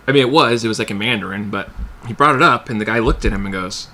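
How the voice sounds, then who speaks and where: Bright-voiced man telling a rambling story. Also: fairly low pitch, fairly even intonation, fast, slight background noise. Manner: rambling anecdotes with quoted voices and laughs. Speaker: livestream host. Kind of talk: casual storytelling.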